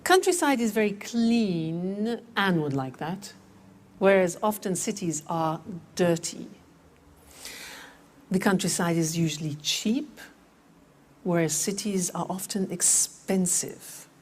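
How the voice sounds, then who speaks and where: Slow, careful woman teaching English. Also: on the low side, animated, a little mellow. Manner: repeats words slowly for pronunciation. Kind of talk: slow, clear language lesson.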